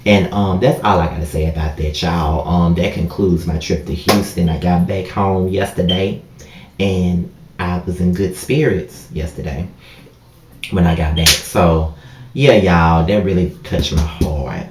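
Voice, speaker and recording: Man, vlogger, deep voice; heartfelt storytime, chatty "y'all" delivery, echoey room. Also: fairly even intonation, measured pace, background noise. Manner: frequent "y'all" and "you know what I mean". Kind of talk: casual storytime vlog.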